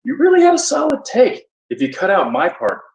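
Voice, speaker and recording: An actor playing an earnest male actor who soothes a quarrel with halting apologies in a scripted video-call comedy. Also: sits high, huge pitch swings, darkish tone, full character voice. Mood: placating. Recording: echoey room, mic far off.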